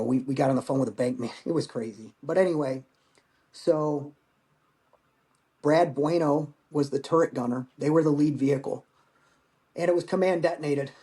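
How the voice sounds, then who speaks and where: Podcast guest, man in his 40s, veteran recounting combat loss, halting and raw, blunt language. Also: on the high side, warm tone. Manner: halting, emotional storytelling with profanity. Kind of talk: personal war story in conversation.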